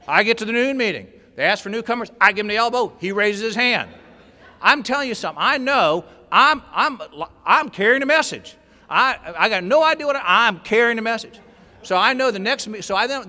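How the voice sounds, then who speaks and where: High, bright man in a big reverberant hall. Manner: animated storyteller, rising to near shouting, dropping low and quiet. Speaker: workshop speaker at a recovery convention. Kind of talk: storytelling talk to an audience. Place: large convention hall.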